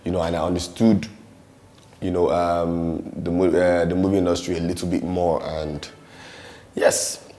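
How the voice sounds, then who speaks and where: A Nigerian man with a Nigerian accent, talking casually in an interview, with many fillers and some Yoruba phrases. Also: deep voice. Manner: relaxed, many "you know" fillers, mixes in Yoruba. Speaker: musician and actor interviewee.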